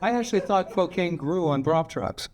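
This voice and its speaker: A man's voice: sits high, animated, normal speed, crowd noise. An older man, a guest actor at a screening Q&A, telling loose, profane, laughing anecdotes on a cinema stage. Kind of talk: rambling anecdotal storytelling. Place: cinema stage before a live audience.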